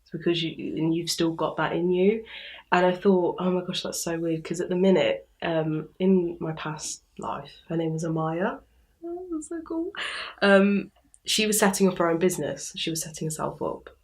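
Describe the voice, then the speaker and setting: Chatty young Englishwoman with a low voice. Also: moderate pace. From England. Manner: chatty, laughs often, animated quoting. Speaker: interviewee. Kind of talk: casual chat.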